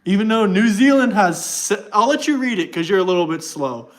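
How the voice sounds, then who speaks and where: A high-voiced man talks animatedly and a little fast, barely pausing, while ranting at his livestream chat. He mocks and combats them, reading text aloud as proof of his point.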